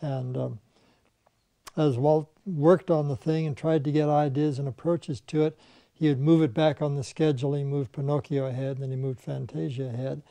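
An older man with a gravelly, somewhat high voice recalls his animation studio days in relaxed conversation. He spins anecdotes and mimics the people in them. His tone is mellow and the sound is close and dry. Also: moderate pace, no room sound. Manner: anecdotal storyteller who mimics the people he quotes. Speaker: veteran animation filmmaker. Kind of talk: reminiscing conversation.

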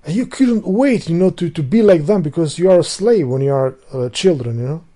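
Guy vlogging, kinda high mellow voice, rambles, swears, keeps losing what he was saying. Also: expressive, brisk. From Albania. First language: Albanian. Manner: rambling, profane, loses his thread and restarts sentences. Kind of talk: casual rambling monologue.

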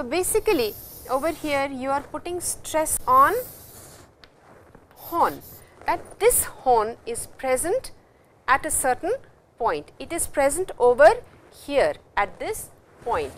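A woman teacher gives a patient lecture and keeps repeating and stressing her example phrases. Her voice sits fairly high and swings up and down a great deal. A faint hiss runs under the recording. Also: a bit bright. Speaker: Japanese language teacher. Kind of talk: classroom lecture.

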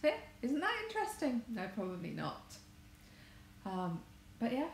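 A chatty woman from England talks to her livestream viewers, drifting from topic to topic and correcting herself mid-sentence. Her voice sits fairly high and swoops around animatedly. It is recorded in an echoey room with faint noise behind. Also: wildly swooping pitch, moderate pace, gravelly. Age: adult, married. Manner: chatty, wandering, self-correcting. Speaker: crafts vlogger. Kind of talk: rambling casual livestream chat. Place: home conservatory.

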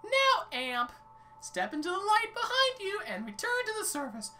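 A man voicing a melodramatic, heartbroken temple spirit in a high, theatrical, grandiose voice. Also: wildly swooping pitch, normal speed, sharp tone, distant mic, a little hiss or hum, heavily acted. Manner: overwrought, grandiose.

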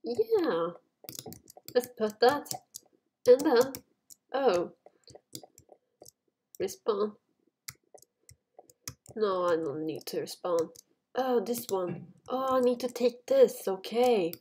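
A woman's voice: a little high, expressive, slow pace, long pauses, mellow, slight background noise. Panicky, chatty woman gaming host. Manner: chatty, panicky, frequent yelps and screams. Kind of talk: casual game commentary.

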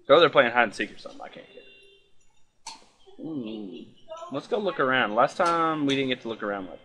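A man's voice: medium pitch, animated, normal speed, pushed and bright. A man giving crude, joking commentary while playing a video game, mumbling asides. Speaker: game let's player. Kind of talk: casual gameplay commentary.

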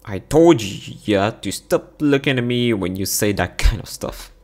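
A blunt, impatient young woman from a visual novel snaps at the others, played by a man. Her voice is low and curt. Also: lively intonation, a little slow, vocal fry, darkish tone.

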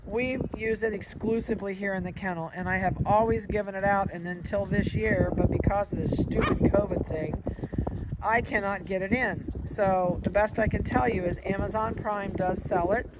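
A man who breeds dogs, giving folksy, chatty advice outdoors in a yard and pausing to comment on the puppies. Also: sits high, fairly even intonation. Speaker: dog breeder. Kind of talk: casual outdoor advice talk. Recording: loud wind noise outdoors. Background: wind and puppies playing.

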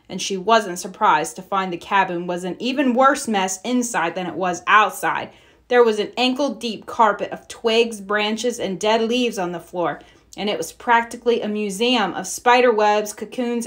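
A woman narrates a children's picture book in a read-aloud style. She makes the characters' lines expressive, giving each of them its own voice. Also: mid-range voice, normal speed. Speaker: storybook reader.

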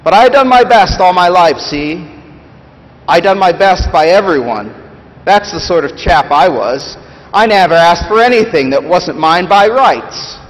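A man voicing an indignant working-class male ghost who blusters loudly about his rights. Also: high-pitched, expressive, unhurried, pitched above the performer's own voice. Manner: blustering, loud, repeats "see?" and "bloody". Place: church sanctuary. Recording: long church reverb.

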